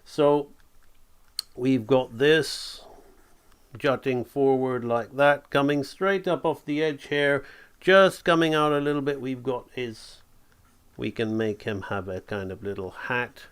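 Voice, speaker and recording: A man teaching animation drawing, talking along while he sketches, relaxed and checking in with "right?". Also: medium pitch, unhurried, clear, resonant tone. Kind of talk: drawing tutorial, thinking aloud.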